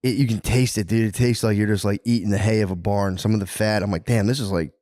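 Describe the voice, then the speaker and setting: Man, podcast co-host, crude banter, animated delivery, high yelps at the punchlines, dry close sound. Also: fast talker, dry recording.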